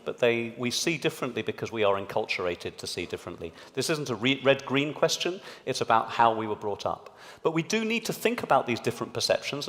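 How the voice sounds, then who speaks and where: A man giving a lively, explanatory talk to an audience in a large hall through an amplified stage mic. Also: medium pitch. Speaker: panel speaker. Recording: reverberant lecture hall.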